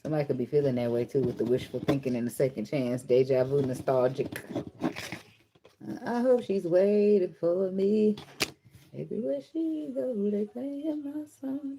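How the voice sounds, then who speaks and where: A woman reads tarot in a relaxed, profane, joking way. Her voice sits slightly low for a woman. She drifts from reading the cards into quiet singing and teasing asides. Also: slight background noise. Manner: profane, joking, sings along softly between readings. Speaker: tarot reader.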